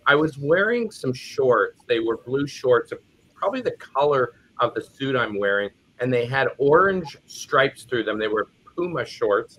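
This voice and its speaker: Man, mid pitch, self-mocking casual storyteller. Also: a bit bright, slight background noise, poor audio. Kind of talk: casual anecdote.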